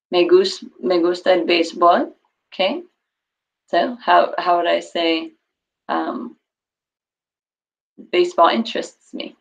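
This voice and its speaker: A woman teaching Spanish to a class over a video call, explaining patiently and encouraging students. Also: on the low side. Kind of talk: online class instruction. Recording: dull lo-fi call audio.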